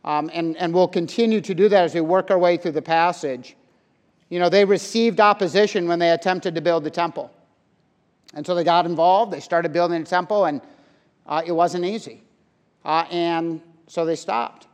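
A high-voiced man delivers an earnest evening sermon, explaining each point patiently and filling pauses with uh and um. His voice carries through a large hall with a long, lingering reverb. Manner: earnest and explanatory, frequent uh and um fillers. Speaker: preacher.

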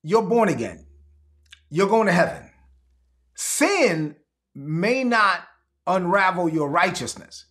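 A man preaching a sermon as pastor, animated and acting out the people he quotes. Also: high voice, takes it slowly, long pauses.

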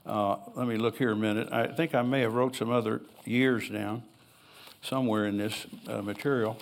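A man's voice: medium pitch, steady tone, normal speed, creaky. An older man preaching a sermon in a church, reading scripture aloud and rambling into personal asides in an easygoing, conversational way. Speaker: pastor.

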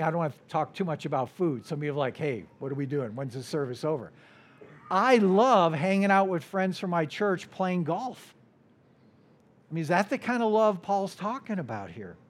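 American male guest preacher, sermon, deliberate and animated, trails off quietly at phrase ends. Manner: deliberate, drops to a soft low voice at phrase ends.

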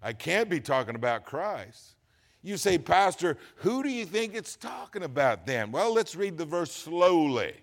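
A man preaching a sermon as pastor, reading scripture slowly and swinging between loud emphatic lines and quiet asides. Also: a little high, big pitch swings, gravelly. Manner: reads scripture slowly with stress.

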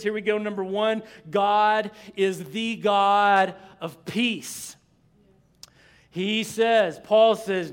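Preaching slowly and emphatically, a pastor uses asides and chuckles to draw responses from his congregation. His voice is high-pitched and a bit bright.

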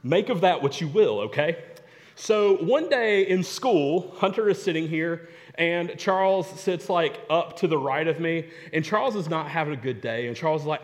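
A man's voice: fairly high pitch, lively intonation, normal speed. A young adult man preaching a sermon, telling stories and repeating phrases for emphasis. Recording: long hall reverb.

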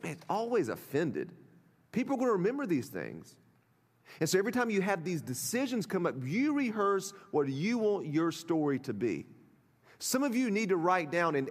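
A man's voice: a little high, long reverb tail. A male pastor delivering a sermon in an emphatic, conversational way, speaking straight to his listeners. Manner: emphatic, conversational preaching with direct address. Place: church sanctuary.

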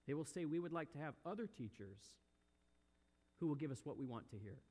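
A man preaching a sermon in a church, earnest and building to loud, emphatic peaks. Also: fairly high pitch, animated, a little fast. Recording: long hall reverb.

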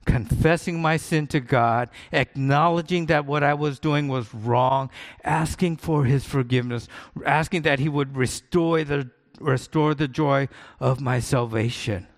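A middle-aged pastor delivers a sermon in an earnest, conversational style, repeating key points for emphasis. His voice sits at a medium pitch and moves at a measured pace.

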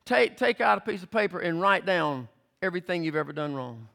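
A man's voice: high-pitched, expressive, fairly quick, vocal fry, fairly bright tone. A male pastor preaching a sermon, emphatic, repeating words as he builds his points and retelling scripture scenes vividly.

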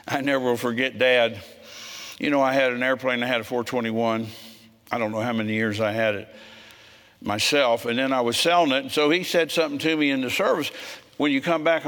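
A man preaching a sermon in a church, telling folksy stories in a frisky, forceful way. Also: medium pitch, big-room sound.

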